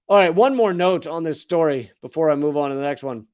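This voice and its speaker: A comedian and political commentary host in his forties delivers a sardonic, profane comedic monologue, riffing with asides as he reads news stories. His voice is a little high and a little mellow, a bit fast with hardly any pauses.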